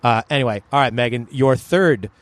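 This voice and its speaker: A man hosting a podcast, chatting in a joking, animated way. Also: mid-range voice, moderate pace, a little hiss or hum. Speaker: podcast host. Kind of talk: casual chat.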